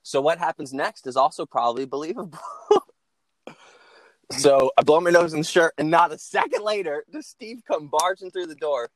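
A man's voice: fairly high pitch, moderate pace, no echo. A man casually telling a funny story from his teens, often breaking into laughter.

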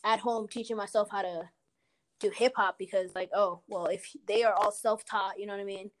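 A woman's voice: mid-range voice, fairly even intonation, normal speed. A young woman in casual chat, telling a personal story frankly, with plenty of swearing and filler words. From Minnesota.

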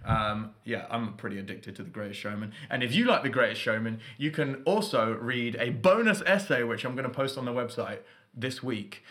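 A young man hosting a podcast in casual chat, energetic and jokey as he rambles through stories and plugs. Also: medium pitch, normal speed. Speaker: podcast host.

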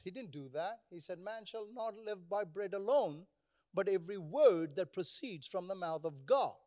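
Man, pastor, very high voice, sermon, rhetorical questions, call-and-response. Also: lively intonation, a little slow.

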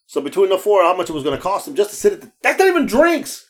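A man in a relaxed podcast chat tells his stories with plenty of laughter and a slightly raised pitch. He swears freely, restarts his sentences and acts out the voices of the people he quotes. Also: very fast. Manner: animated, laughing storyteller with frequent restarts. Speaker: podcast co-host. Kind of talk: casual storytelling chat.

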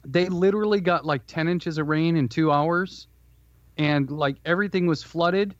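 A man's voice: fairly high pitch, normal speed, no room sound, muffled recording. A man chatting casually on a podcast, talking loosely with lots of fillers. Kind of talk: casual chat. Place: Illinois.

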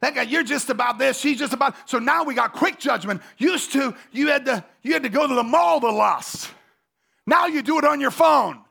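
A middle-aged man preaching a lively sermon in a church, joking and repeating phrases, swinging between hushed asides and shouts. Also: extremely high pitch, normal speed, vocal fry, husky. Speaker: pastor. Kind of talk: energetic sermon.

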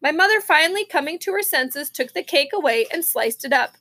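Woman, high voice, reading a chapter book aloud, lively, the odd restart. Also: brisk. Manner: expressive, with small slips and restarts. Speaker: reader. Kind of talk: reading a children's novel aloud.

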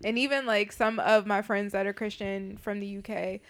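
A woman's voice: mid-range voice, steady tone, normal speed. A young woman in a casual group chat, speaking thoughtfully and hedging with fillers.

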